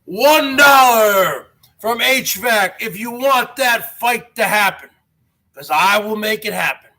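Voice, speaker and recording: Boastful male host, high and bright voice, slow brash delivery. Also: animated. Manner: brash, boastful, taunting viewers. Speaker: show host. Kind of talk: livestream talk.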